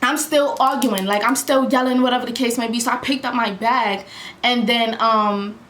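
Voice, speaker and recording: A young woman vlogger telling a storytime in a casual, slangy, animated way, acting out what people said. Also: a little high, moderate pace. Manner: animated, slangy, acts out quotes loudly. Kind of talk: storytime vlog. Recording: echoey room with faint background hum.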